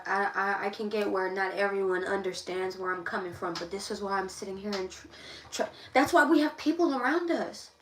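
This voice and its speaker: A woman's voice: on the high side, fairly bright tone. Woman tarot reader on a live stream, preachy and repetitive, roomy echo, faint hiss behind. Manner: emphatic and preachy, repeats phrases over and over. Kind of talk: impassioned live-stream monologue. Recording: echoey room, distant mic, faint noise.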